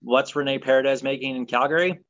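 A man hosting a casual sports podcast, leading segments in a brisk, opinionated way. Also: mid-range voice, fairly bright tone, a little hiss or hum. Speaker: podcast host. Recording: dull, dry sound.

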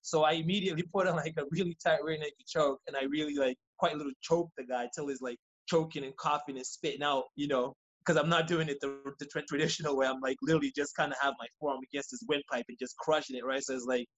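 A man, a podcast guest, telling a story in casual, profane, animated fashion and acting out what people said. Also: a little high, lo-fi sound. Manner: rapid, animated, profane, acts out quoted lines.

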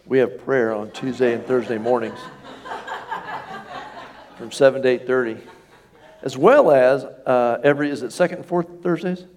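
A man preaching a sermon to his congregation in a relaxed, conversational way, often checking in with questions. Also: medium pitch, moderate pace, pauses often. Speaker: pastor. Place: church sanctuary.

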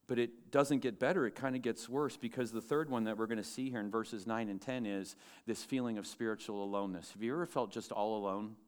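Animated man preaching with a clear voice. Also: medium pitch, fairly quick. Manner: animated preaching, rises loud when quoting scripture, asks the room questions. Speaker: pastor. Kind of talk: sermon. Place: church.

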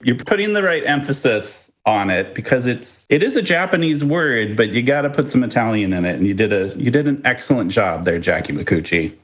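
A man co-hosting a podcast, chatting casually and telling stories in a playful, lively way with chuckles. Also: mid-range voice, brisk, few pauses. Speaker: podcast co-host.

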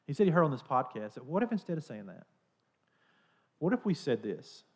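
Man preaching in a casual, lively way. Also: fairly high pitch, fairly quick, husky. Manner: conversational, animated storytelling. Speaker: pastor. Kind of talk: sermon.

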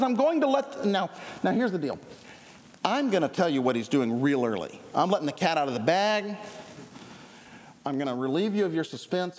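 Preaching in a church sanctuary whose long reverb rings through the sound, a man with a Southern US accent and a voice very high for a man gives a lively, chatty sermon. Between points, he jokes with the congregation and adds conversational asides.

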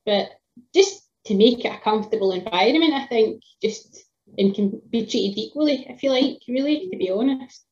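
A woman's voice: fairly high pitch, animated, normal speed, darkish tone, dull audio. A woman, a tradeswoman chatting casually on a video call, with lots of fillers and laughs. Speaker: tradeswoman guest.

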